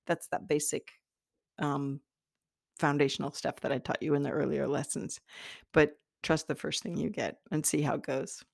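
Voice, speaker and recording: A woman's voice: sits low, little pitch movement, normal speed, creaky, no echo, clean studio sound. A middle-aged woman talking in a chatty teaching style, laughing often and restarting her sentences. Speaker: spiritual teacher. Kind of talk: casual teaching talk.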